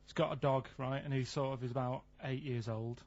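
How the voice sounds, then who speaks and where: A man in casual studio chat, plain and unhurried as he tells a meandering tale. His voice is medium in pitch, and the recording sounds a little dull. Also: fairly even intonation, a little mellow. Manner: plain, rambling storyteller.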